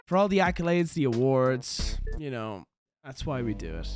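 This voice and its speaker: A hoarse man who is sick, chatting sarcastically and swearing while streaming a game. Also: medium pitch, very animated, normal speed, soft background music. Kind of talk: casual gaming stream commentary.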